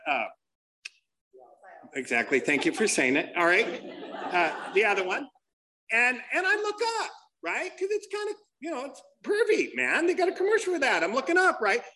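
A man doing a crude, rambling stand-up comedy set, telling stories with animated put-on voices. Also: high-pitched.

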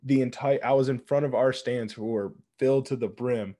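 A man's voice: mid-range voice, steady tone, fairly quick, warm tone. A young man co-hosting a podcast, telling stories in a laid-back, casual way. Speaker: podcast co-host. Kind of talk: casual chat.

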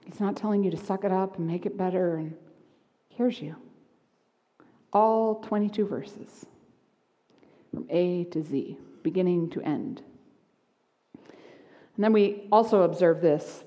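A woman pastor preaching a sermon, moving between hushed, quiet lines and lively, animated ones. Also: lowish voice, big-room sound. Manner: expressive, shifts from hushed to lively. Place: church sanctuary.

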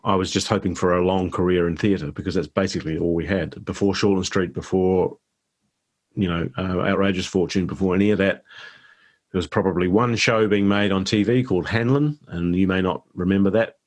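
A middle-aged man with a New Zealand accent, chatting as a guest actor in an interview, relaxed and self-deprecating. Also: deep voice, fairly quick. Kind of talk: casual interview chat.

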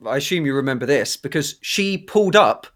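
A man co-hosting a casual podcast chat, swearing freely and mimicking voices. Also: brisk. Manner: lively, swearing, mimics voices with big pitch jumps. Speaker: co-host, former assistant language teacher in Japan.

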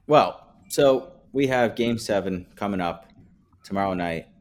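Deep-voiced laid-back man. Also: a little slow. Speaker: podcast co-host. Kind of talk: casual chat.

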